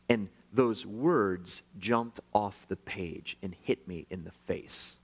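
A man preaching a sermon, telling his own story in a conversational, self-deprecating way, swinging from hushed, slow moments to animated bursts. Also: lowish voice, breathy edge. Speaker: pastor.

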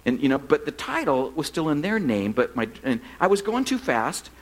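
A middle-aged man preaching as a pastor, telling funny stories in a relaxed, conversational way. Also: a little high, moderate pace, poor audio. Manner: conversational, humorous storytelling. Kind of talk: sermon.

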